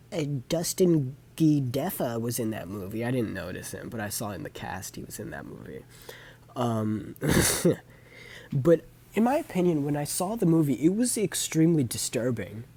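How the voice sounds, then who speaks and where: A man's voice: medium pitch, warm tone. A young man talking casually about movies he has watched, rambling with lots of fillers and self-corrections. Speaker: vlogger. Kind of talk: casual movie review monologue.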